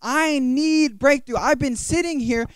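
A man's voice: very high voice, measured pace, no room sound, clean studio sound, pitched above the performer's own voice. A man doing a desperate blind beggar man. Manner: urgent, insistent, crying out. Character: desperate blind male beggar, determined and pleading.

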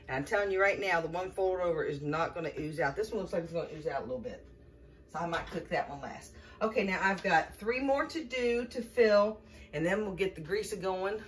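A woman gives a chatty, folksy home-cooking demonstration in her kitchen and talks to viewers as y'all. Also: mid-range voice. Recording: distant mic with faint background noise.

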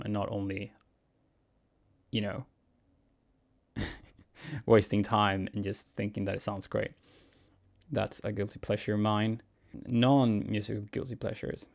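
A young man, a cellist answering viewer questions in a relaxed, musing Q&A vlog, chuckling often. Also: lowish voice, gravelly. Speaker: cellist and YouTuber. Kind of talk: casual Q&A vlog.

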